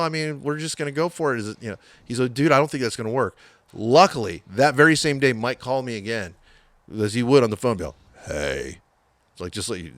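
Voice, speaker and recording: A man's voice: medium pitch, no echo. A middle-aged man telling stories as a podcast guest, swearing freely and acting out what others said. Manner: animated storyteller, swears a lot, acts out quotes. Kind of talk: casual interview storytelling.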